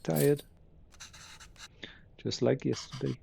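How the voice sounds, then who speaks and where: A man with a gravelly voice reading the lines of a tired, apologetic young husband, in near his own voice. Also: steady tone, takes it slowly, a little hiss or hum. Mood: weary. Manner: reading dialogue plainly, quiet and low.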